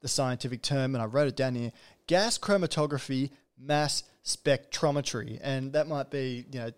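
A man's voice: mid-range voice, normal speed, clear, resonant tone. A man hosting a podcast interview, talking in a loose, rambling way with many restarts and playful asides. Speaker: podcast host. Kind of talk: casual interview chat.

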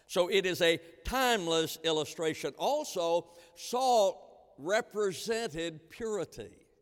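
Pastor, male, slightly high voice, emphatic sermon delivery that swings loud and hushed, long church reverb. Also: lively intonation, slow. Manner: emphatic, repeats key phrases, swings between loud and hushed.

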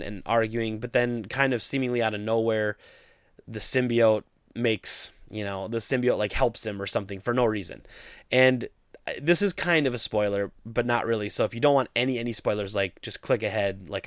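A man's voice: mid-range voice, dry recording, clean studio sound. A man giving a casual, opinionated movie review, sounding exasperated as he critiques the film.

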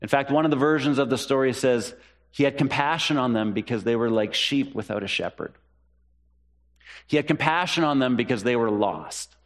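Earnest man preaching a sermon. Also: normal speed. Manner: earnest, repeats key phrases for emphasis; rises in pitch when voicing the disciples' questions. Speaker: pastor.

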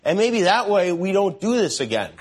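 A man in his fifties making an earnest, emotional on-air appeal, halting and restarting as his voice wavers. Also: high-pitched, very animated, noisy background. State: emotional, voice breaking.

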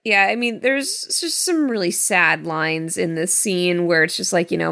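Gravelly-voiced woman discussing a film. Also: fairly low pitch, animated, measured pace, few pauses, a bit bright. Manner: chatty, questioning. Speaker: podcast co-host.

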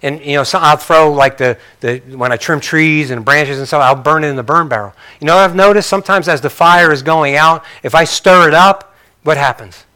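Older guy preaching, high bright voice, chatty, keeps asking the crowd stuff, goes loud then real quiet. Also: fairly quick, clear, resonant tone. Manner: conversational, questions the audience, swings between loud and soft. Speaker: pastor. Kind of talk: sermon.

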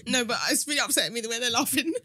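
A woman's voice: a little high, very fast, sharp tone, husky, no room sound. A young woman in a casual chat, teasing her friends and explaining things.

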